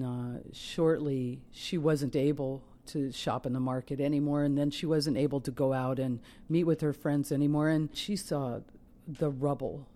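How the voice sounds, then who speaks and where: A woman's voice: extremely low pitch, warm tone. A middle-aged woman, the mother of a soldier, giving an earnest, reflective personal testimony.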